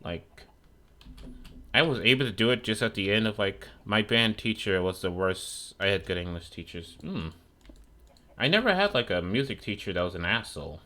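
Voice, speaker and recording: A man's voice: lowish voice, expressive, moderate pace, bright, forceful tone. A young man streaming a video game, chatting in a rambling, profane, sarcastic way. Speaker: gaming streamer. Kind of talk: casual chat while gaming.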